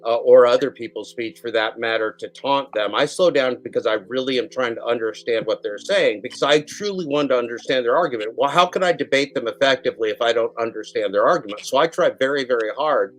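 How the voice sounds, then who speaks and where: A man's voice: medium pitch, fairly quick, hardly any pauses, poor audio. A man hosting a live stream, ranting heatedly and swearing, mimicking the people he criticizes. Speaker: show host.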